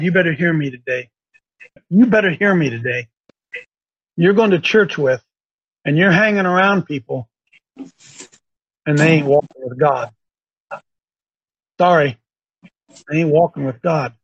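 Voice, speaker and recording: Male preacher, folksy emphatic sermon, high voice, dry muffled sound. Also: slightly rough, dry recording.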